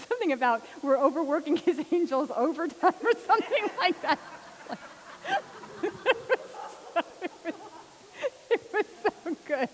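A woman giving an informal sermon, chatty and lively, laughing often as she talks. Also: high voice. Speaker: preacher. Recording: long hall reverb with faint hiss.

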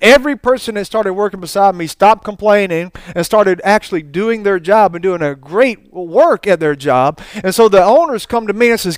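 A man preaching in a folksy, storytelling way, with quick asides and chuckles. His voice sits high for a man and sounds smooth and clear. The sound is dry and close. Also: no room sound. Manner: folksy, animated testimony with asides and laughter. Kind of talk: storytelling sermon.

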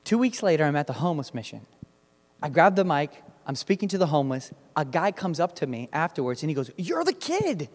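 A man preaching a sermon, telling stories in an animated, emphatic way. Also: a little high, quick pace, big-room sound. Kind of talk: sermon with storytelling.

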